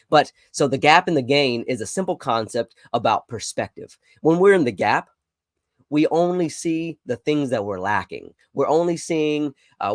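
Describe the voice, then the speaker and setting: An earnest man at a middle pitch delivers a short devotional podcast. He encourages his listeners and leans hard on the words he wants them to notice. His voice is close to the mic in a dry room. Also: dry recording. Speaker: podcast host.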